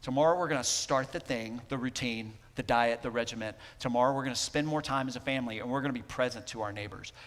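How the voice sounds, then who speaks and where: A man preaching a sermon as pastor, talking conversationally and swinging between emphatic lines and hushed ones. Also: medium pitch, fast, hardly any pauses, big-room sound. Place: church sanctuary.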